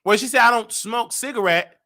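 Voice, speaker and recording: A man hosting a talk show, telling a personal story in an animated way and acting out the dialogue. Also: extremely high pitch, fairly quick. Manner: dramatic, acts out quoted dialogue. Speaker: show host.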